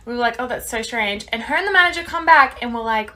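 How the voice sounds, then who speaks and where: A woman's voice: fairly high pitch, brisk, few pauses. An Australian woman casually telling an anecdote and acting out what others said. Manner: animated, acts out what others said. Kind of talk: casual storytelling.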